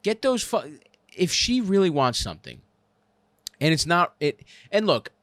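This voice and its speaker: A man's voice: on the high side, big pitch swings, measured pace, fairly bright tone, no echo. A man hosting a comedy advice show, ranting crudely and laughing at his own jokes on a close mic.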